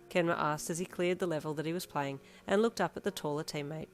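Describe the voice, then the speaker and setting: Low-voiced woman reading fanfiction. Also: fast talker, few pauses, soft background music. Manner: chatty sign-off to viewers. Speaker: fanfiction narrator. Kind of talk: second-person fanfiction audio narration.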